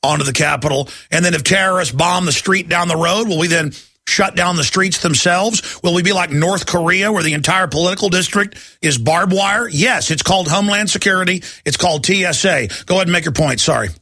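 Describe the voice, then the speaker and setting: A man hosting a call-in radio show, talking in a combative, ranting, rapid-fire way from a studio. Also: high-pitched, bright, forceful tone, no room sound. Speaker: talk radio host. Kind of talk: heated call-in radio talk.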